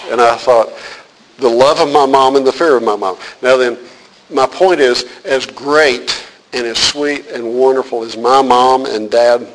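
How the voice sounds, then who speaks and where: A man's voice: medium pitch, a bit bright, rough recording. A man preaching a sermon as a pastor, talking conversationally with fillers and asking the congregation questions.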